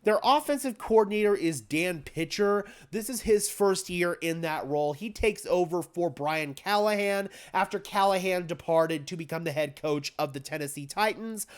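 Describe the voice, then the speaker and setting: A man hosting a football preview show, talking through a stuffed-up nose from a cold in an energetic, emphatic way. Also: high voice, moderate pace, hardly any pauses, clear, resonant tone. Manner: energetic, emphatic sports talk. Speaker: sports show host. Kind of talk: football game preview commentary.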